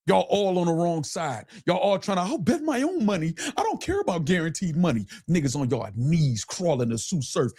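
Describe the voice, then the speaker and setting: A man's voice: on the high side, darkish tone, breathy edge. A man ranting profanely on a livestream, mocking his listeners and repeating phrases over and over. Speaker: streamer with his own platform. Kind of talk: angry livestream rant.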